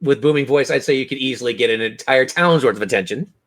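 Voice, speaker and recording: A man runs a tabletop game as its game master. His voice sits at a middle pitch, and he narrates with patient, descriptive turns. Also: quick pace.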